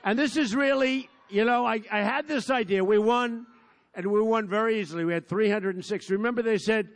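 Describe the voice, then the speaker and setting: A man in his seventies giving a rambling, boastful campaign rally speech at a large outdoor field, repeating himself and sometimes shouting. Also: high voice, brisk. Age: 70s. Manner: boastful, digressive, repetitive, bursts into shouting. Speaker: politician at a rally.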